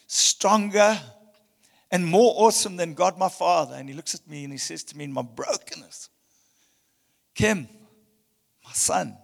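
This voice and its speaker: A male pastor preaching a passionate sermon, swinging between loud emphasis and hushed tones. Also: high voice, gravelly, in a large hall. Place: church hall.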